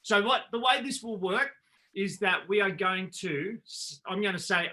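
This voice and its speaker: A man running a physical education workshop on a video call, leading a sung call-and-response warm-up and chanting rhythmic action words. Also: sits high, normal speed. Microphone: video call computer mic.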